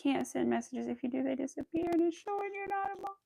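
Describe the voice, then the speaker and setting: A young woman chats her way through a crafting livestream, rambling and piling on filler words. Her voice swings up and down with a lot of vocal fry. The sound is dry and close, with no room echo. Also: sits high, animated, quick pace, warm tone. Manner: laughs often and greets viewers. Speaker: crochet livestream host. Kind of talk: casual chat while crafting.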